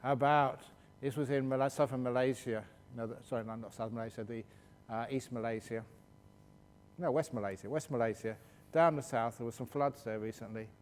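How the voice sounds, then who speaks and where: A man, a meditation teacher, answering questions at a retreat in a jokey, animated storytelling manner. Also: medium pitch, brisk, a little hiss or hum. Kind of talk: retreat Q&A talk. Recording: reverberant hall.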